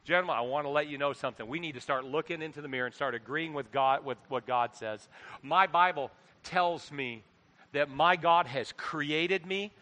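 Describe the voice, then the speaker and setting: A middle-aged man preaching a sermon into a microphone, animated, swinging between quiet asides and loud exhortation. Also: on the high side, moderate pace. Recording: long hall reverb.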